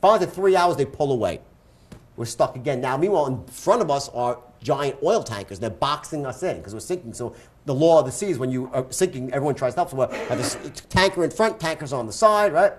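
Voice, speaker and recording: On stage, a man tells a dramatic personal anecdote in a mid-range, expressive voice. He's a speaker and author whose storytelling is fast and punchy, delivered in bursts peppered with "right?" and "so anyway".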